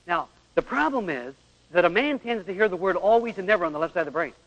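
A man's voice: sits high, lively intonation, quick pace, fairly bright tone. A man giving an earnest talk on marriage, asking rhetorical questions and acting out examples. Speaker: speaker on marriage. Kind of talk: lecture with acted-out examples. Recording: dull radio recording with long hall echo.

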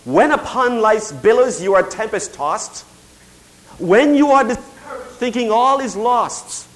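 A middle-aged man preaching a sermon in a notably high voice. He talks in a quiet, confiding way when telling a story, then slows down to stress each phrase as he proclaims. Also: lively intonation, low-quality recording. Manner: swings from quiet confiding to slow emphatic declaration. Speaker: pastor.

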